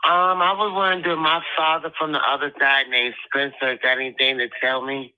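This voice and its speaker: A woman's voice: rumbling low, little pitch movement, normal speed, lo-fi sound. A woman calling in to a radio show, speaking hesitantly with frequent ums. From United States. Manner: hesitant, soft-spoken with ums. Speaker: caller.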